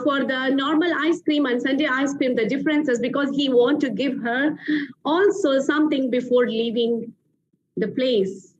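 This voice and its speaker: A woman's voice: high voice, slight background noise. A woman hosting a show, telling a motivational story with emphatic repeated phrases, in a muffled lo-fi recording. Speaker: TV show host.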